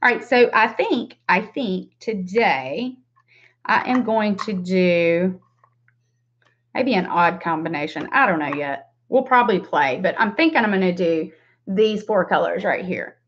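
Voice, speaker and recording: A woman's voice: lowish voice, animated, measured pace, slight background noise. A woman in her forties with a Southern US accent, chatting casually while doing her makeup on a livestream and greeting viewers by name. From American South. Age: 40s. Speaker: makeup vlogger. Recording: slightly dull lo-fi sound.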